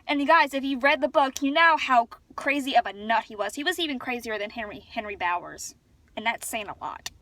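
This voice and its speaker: A woman talking casually into her phone camera as a vlogger, chatty and rambling as she gets excited. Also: fairly high pitch, fairly quick, no echo. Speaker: vlogger reviewing a film. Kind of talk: casual chat.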